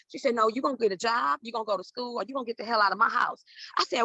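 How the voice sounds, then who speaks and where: A woman in her fifties from Southern California, telling stories in an interview and acting out every voice with big jumps in pitch. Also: fast talker, bright, forceful tone, breathy edge, no room sound. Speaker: guest, celebrity hair stylist. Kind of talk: animated storytelling in an interview.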